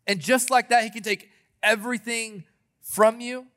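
A man delivers a sermon, his voice sitting noticeably high for a male speaker. He retells scripture stories with earnest, deliberate emphasis. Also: fairly even intonation, a bit bright. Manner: earnest preaching, quotes scripture, dramatic pauses. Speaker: pastor.

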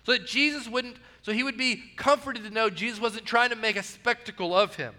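A male pastor preaching with a high, bright voice. He is earnest, repeats his key phrases and sinks soft and low on quoted lines. The sound rings in a reverberant church hall. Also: fairly quick. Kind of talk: sermon.

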